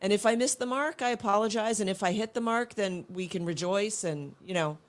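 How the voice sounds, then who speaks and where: An earnest middle-aged woman talking as an interview guest, with a voice of ordinary middle pitch. She tells her stories reflectively and often breaks off and restarts a sentence. Her tone stays conversational and sincere. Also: a little fast. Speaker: guest, homeschooling mother. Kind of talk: casual interview chat.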